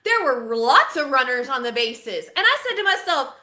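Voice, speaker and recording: A woman co-hosting a casual baseball podcast, high and bright in tone. She talks in a dramatic, self-mocking, animated way. The room around her sounds echoey. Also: moderate pace, hardly any pauses. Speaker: podcast co-host. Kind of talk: casual sports podcast chat.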